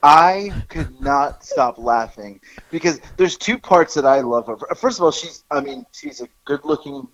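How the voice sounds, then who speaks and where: Male podcast co-host, animated storyteller, a bit high, slightly dull lo-fi audio. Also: unhurried, gravelly, hardly any pauses. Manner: animated, laughs while telling stories. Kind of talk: casual chat.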